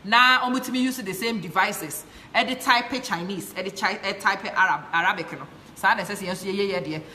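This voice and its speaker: A woman's voice: mid-range voice, moderate pace, pushed and bright, slight background noise. A woman from Ghana with a Ghanaian accent, passionately hosting a live stream, chatting and reading out viewer comments while mixing English and Twi. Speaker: live show host.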